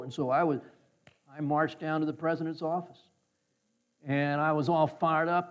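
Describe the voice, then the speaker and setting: A man's voice: fairly high pitch, fairly even intonation, moderate pace, clean tone. A man preaching a sermon, telling a personal story in a folksy way and acting out the voices of people he quotes. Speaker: pastor. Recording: slightly dull, muffled sound.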